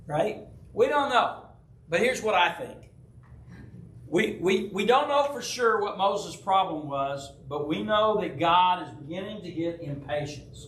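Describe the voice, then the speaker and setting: A man's voice: high-pitched, unhurried, reverberant, a little hiss or hum. A man, the pastor, teaching a Bible study in a loose, conversational way, telling personal stories, acting out voices and often checking in with "right?". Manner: animated storyteller who acts out quoted voices. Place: church hall.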